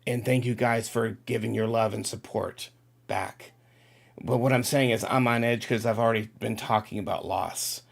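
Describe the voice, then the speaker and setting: A man's voice: lowish voice, creaky. A middle-aged man hosting a casual livestream, reading out viewer chat and rambling emotionally to his audience. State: on the verge of tears.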